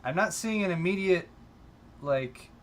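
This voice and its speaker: A man's voice: sits high, slight background noise. A man co-hosting a tech live stream, chatting casually and reading out viewer donations in a lifted voice. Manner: loud, lifted voice for donor names, relaxed and halting in chat.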